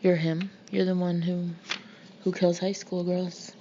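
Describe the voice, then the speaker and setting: A woman's voice: fairly low pitch, flat delivery, measured pace, mellow. A woman reading a frightened teenage captive. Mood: accusing. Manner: pleading, trying to reason. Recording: muffled lo-fi recording with faint hiss.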